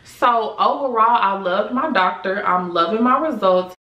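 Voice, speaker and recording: A woman's voice: mid-range voice, a little slow, highs cut off, a little hiss or hum. Young woman vlogging, swears a lot, says like every other word, roomy echo, a bit far from the mic. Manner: candid and profane, heavy filler "like". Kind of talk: casual storytime chat.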